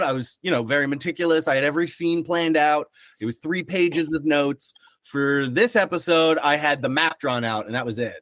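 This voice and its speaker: A young man, the game master, chatting casually on a podcast, relaxed and quick to laugh, often trailing off mid-sentence. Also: fairly high pitch, no room sound.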